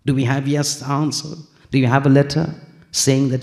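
A male preacher giving a sermon, telling a story and acting out its dialogue in an animated way, with Arabic and Urdu phrases mixed in. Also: medium pitch, a little fast, creaky. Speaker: Islamic preacher.

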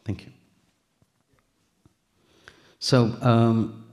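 A man's voice: mid-range voice, level tone, very slow, darkish tone. A man preaching a sermon, telling a story with acted dialogue, rising to emphatic peaks.

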